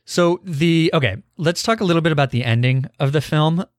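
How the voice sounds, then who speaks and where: A man's voice: on the high side, brisk, dry recording, studio quality. A young man hosting a casual film review podcast, leading the talk and asking his co-hosts questions, candid and swearing now and then. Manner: leads the discussion, poses questions. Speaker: podcast host.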